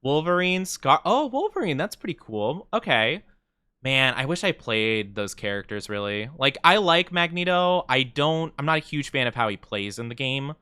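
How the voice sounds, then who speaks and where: A young man chatting casually on a game live stream, playful and jokey, with bursts of mock self-pity and quick laughs. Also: mid-range voice, big pitch swings, bright, forceful tone, clear, resonant tone, no echo, studio quality.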